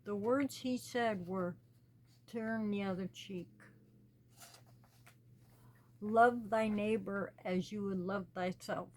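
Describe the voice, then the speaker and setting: Slow, earnest woman pleading. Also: mid-range voice, fairly even intonation. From United States. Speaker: channel host. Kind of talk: personal spoken commentary.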